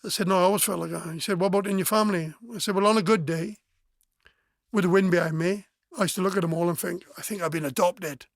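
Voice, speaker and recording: Fast-talking frank man, high voice. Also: steady tone, gravelly, no room sound, clean studio sound. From Wales. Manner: frank, blunt, swears, acts out remembered dialogue. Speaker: musician guest. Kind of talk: candid personal storytelling.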